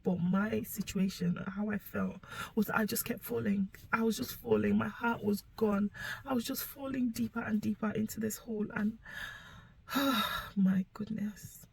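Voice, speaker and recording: A young woman recounts a painful personal story straight to camera, her speech halting and emotional, sometimes falling almost to a whisper. Her mid-range voice carries a gravelly fry. A faint hiss sits under the recording. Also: medium pitch, fairly even intonation, rough recording. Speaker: vlogger sharing her story.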